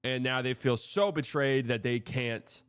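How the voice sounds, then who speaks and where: A male streamer hosts a live sports show, talking loosely and swearing freely while sentences trail off and restart. His voice sits at an ordinary middle pitch, recorded close and dry with no room echo. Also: steady tone, measured pace, fairly bright tone, clear, resonant tone. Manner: frank, profane, rambling with restarts. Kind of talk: casual live-stream commentary.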